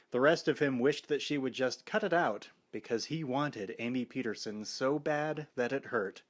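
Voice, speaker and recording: A man narrating a horror novel audiobook in a wry, expressive way. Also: mid-range voice.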